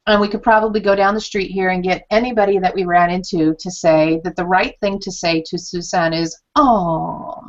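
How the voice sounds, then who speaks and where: Lively woman host chatting, keeps doing little voices for quotes, sound kinda dull. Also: medium pitch. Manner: animated, acts out quoted reactions, laughs often. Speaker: channeler and host. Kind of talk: casual live chat.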